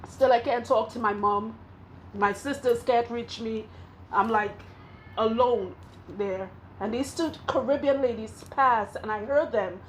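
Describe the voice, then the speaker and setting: A woman's voice: on the high side, unhurried, slight background noise. A woman with a Trinidadian accent telling an emotional personal testimony, candid and rambling, often restarting her sentences. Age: 20s at surgery, now older. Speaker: hairstylist and vlogger.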